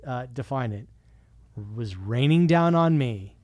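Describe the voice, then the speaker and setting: A man's voice: mid-range voice, expressive, unhurried, darkish tone, no echo, clean studio sound. Earnest man telling a reflective story. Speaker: guest. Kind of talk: conversational interview.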